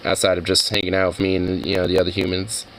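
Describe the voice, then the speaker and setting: A man's voice: deep voice, completely flat delivery, fast talker, fairly bright tone, a little hiss or hum, low-quality recording. A young man chatting casually over videos, rambling and swearing, with many fillers. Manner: profane, rambling, full of fillers. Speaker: streamer reacting to videos. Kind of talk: casual chat.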